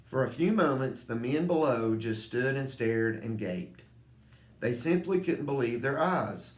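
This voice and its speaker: A man reading a children's book aloud with an expressive, lilting delivery. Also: mid-range voice, measured pace. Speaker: reader. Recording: echoey room.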